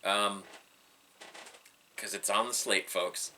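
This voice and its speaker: A middle-aged man talking on his own about entertainment news in a loose, rambling way. His voice sits on the low side but sounds very bright and forward. His tone is wry and skeptical, and he fills the gaps with plenty of ums and uhs. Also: fairly even intonation, takes it slowly, a little hiss or hum. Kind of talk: casual solo commentary.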